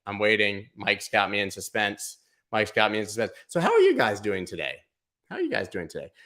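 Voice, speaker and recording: A man hosting a casual livestream giveaway, chatty and playful, now and then slipping into a booming sports-announcer voice. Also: sing-song, fairly quick, fairly bright tone. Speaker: livestream host.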